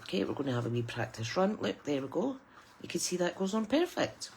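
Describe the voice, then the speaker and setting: A woman's voice: lowish voice, big pitch swings, a little fast, vocal fry, darkish tone. A middle-aged woman with a British accent talks through a papercraft project step by step. Her tone is chatty and soothing, like someone reading at story time, with a faint hum of noise behind her. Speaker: papercraft demonstrator. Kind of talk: live crafting tutorial.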